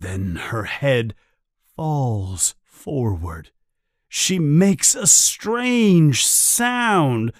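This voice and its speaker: A narrator reading a simplified storybook slowly and carefully, with lots of expression. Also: medium pitch, big pitch swings, no echo, clean studio sound.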